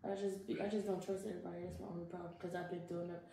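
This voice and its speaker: A young woman with a low-pitched voice and vocal fry talks very fast in an interview, telling her story in casual slang and acting out what people said. Her storytelling is animated, and the recording is echoey with faint noise.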